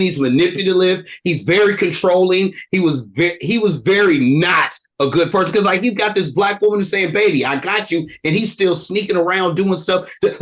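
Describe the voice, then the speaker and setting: A man's voice: high voice, fairly bright tone. A man with a Northern California accent, talking emphatically and animatedly as a guest in a casual podcast chat.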